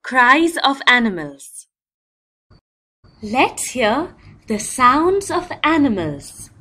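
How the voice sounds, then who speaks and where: A woman narrating a children's learning video. She names each item slowly and distinctly and imitates animal cries playfully. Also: high-pitched, a bit bright. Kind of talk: slow, clear teaching narration for young children.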